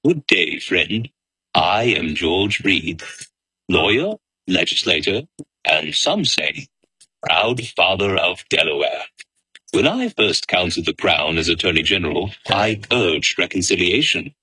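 Brief: man as a cautious founding lawyer, deep bright voice, dignified. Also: sing-song, unhurried, husky, no room sound, heavily acted, rough recording. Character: cautious lawyer-legislator, diplomatic older man. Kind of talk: first-person historical monologue.

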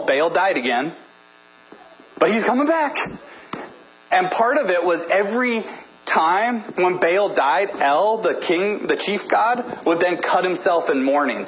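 A man's voice: sits high, a bit bright, poor audio. A man preaching a sermon as a pastor, emphatic and exhorting, with casual joking asides.

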